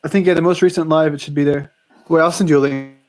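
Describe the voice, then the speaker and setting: Quick, rambling young man. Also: fairly high pitch, steady tone, darkish tone, faint music behind. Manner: rambling, filler-heavy, quick. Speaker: streamer. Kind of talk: casual chat.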